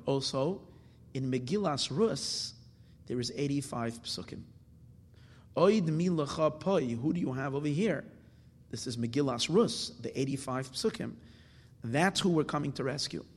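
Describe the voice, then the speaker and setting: A man's voice: medium pitch, animated, a little slow, breathy edge, big-room sound. A man giving a Torah class, explaining verses and asking and answering his own questions, with Hebrew terms mixed into his English. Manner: mixes Hebrew terms into English, with restarts and fillers. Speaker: Torah teacher.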